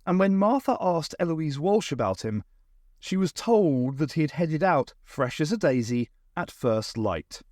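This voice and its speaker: Male narrator, expressive and measured, animated pitch, dry booth-like sound. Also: no room sound. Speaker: audiobook reader. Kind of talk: unabridged novel reading.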